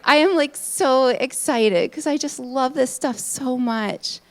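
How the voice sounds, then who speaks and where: A woman giving a live talk to an audience, chatty and excitable, with many fillers. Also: high voice, slow, faint music behind. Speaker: conference speaker, hypnotist. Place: event room in front of an audience.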